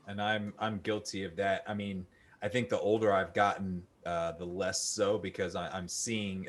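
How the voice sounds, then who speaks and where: A man hosting a podcast interview, relaxed and affirming, who laughs easily while chatting. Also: deep voice. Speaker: podcast host. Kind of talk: casual interview chat.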